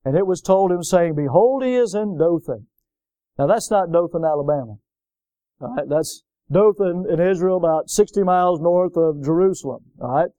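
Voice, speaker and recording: A man preaching a sermon, folksy and animated, telling stories and checking in with "all right?". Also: on the high side, moderate pace, dry recording, clean studio sound. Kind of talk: sermon with storytelling.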